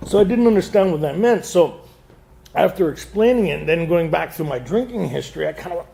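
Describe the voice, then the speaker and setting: Gravelly high-voiced man telling a joking story. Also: animated, brisk, warm tone, slight background noise. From Canada. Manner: joking storyteller, laughs often at his own lines. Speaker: AA speaker. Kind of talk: recovery meeting talk to a live audience.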